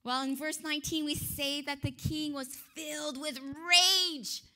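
Woman preaching, high bright voice, earnest, keeps fixing her own words. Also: steady tone, measured pace. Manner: earnest and emphatic, with frequent self-corrections and light laughs. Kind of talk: sermon.

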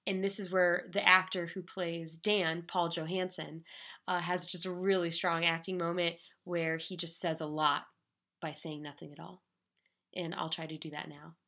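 A woman co-hosting a podcast, chatting casually and narrating TV scenes in an animated way, laughing often. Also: lowish voice, normal speed. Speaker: podcast co-host. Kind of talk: casual TV recap chat.

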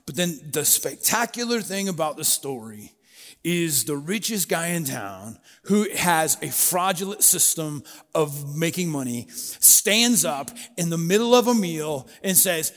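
A middle-aged man preaching a sermon in a relaxed, conversational way, storytelling and acting out quoted voices. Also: a little high, a little slow, in a large hall. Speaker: pastor.

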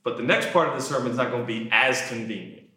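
A man preaching a sermon, animated, jumping from shouted lines to quiet asides. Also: mid-range voice, fast talker, a little hiss or hum. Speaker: pastor. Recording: echoey room.

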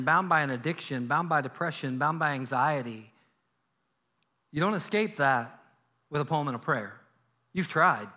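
Guy preaching in church, kinda high bright voice, acts out the bible story. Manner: animated storytelling, acts out biblical dialogue. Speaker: pastor. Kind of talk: sermon. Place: church sanctuary.

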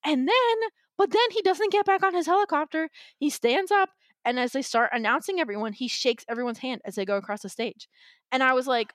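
A woman's voice: sits high, animated, brisk, a bit bright, no echo, studio quality. Chatty young woman telling a story. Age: young adult. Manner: chatty, wry, full of likes and ums. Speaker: podcast guest. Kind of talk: candid storytelling.

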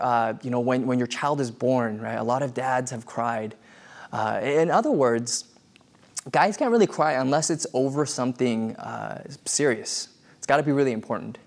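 A man's voice: medium pitch, vocal fry. A man preaching a sermon in a conversational way, with many fillers and restarts. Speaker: pastor.

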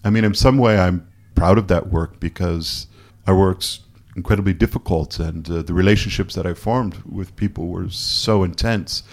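A man from Canada being interviewed, talking candidly and haltingly, restarting his sentences as he questions himself. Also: low voice. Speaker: photographer guest. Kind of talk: casual interview conversation.

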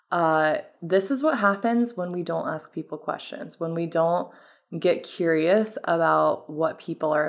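On her own podcast, a health coach with a somewhat low voice and noticeable vocal fry delivers a casual solo monologue. She's relaxed and reflective, working through her ideas with frequent "um"s and "like"s.

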